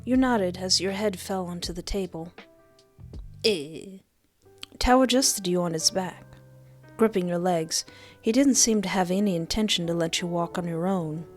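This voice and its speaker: A woman's voice: on the low side, unhurried, faint music behind. A woman playing a visual novel, reading the narration aloud with playful asides. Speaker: game streamer.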